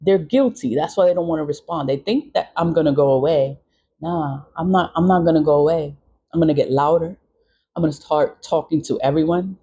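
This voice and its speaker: A woman's voice: deep voice, a little fast, warm tone, breathy edge, highs cut off. A middle-aged woman vlogger in a casual venting monologue, emphatic and repeating her points.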